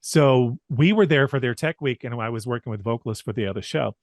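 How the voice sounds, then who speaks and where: A man's voice: mid-range voice, fairly quick. A man co-hosting a church podcast, telling a story and steering topics casually. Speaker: music director and podcast co-host.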